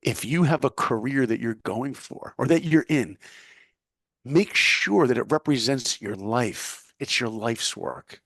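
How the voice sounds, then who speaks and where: A middle-aged man telling his story as an interview guest, emphatic and animated, acting out what others said. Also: medium pitch, unhurried, vocal fry, dry recording, studio quality. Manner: animated, emphatic, acts out quotes. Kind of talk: motivational storytelling.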